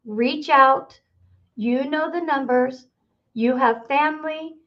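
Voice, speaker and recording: A woman's voice: high-pitched, takes it slowly. An older woman hosting an interview show, speaking in an earnest, heartfelt way. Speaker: host. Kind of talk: casual interview chat. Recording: dull lo-fi recording.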